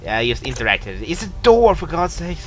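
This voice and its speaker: A man giving casual, excitable gameplay commentary, laughing, humming and exclaiming. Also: on the high side, brisk, over music, rough recording. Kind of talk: casual let's-play commentary.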